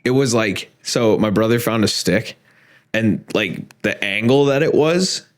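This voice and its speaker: A young man hosting a podcast, telling a story in a casual, profane, animated way with frequent laughter. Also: lowish voice, measured pace. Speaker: podcast host.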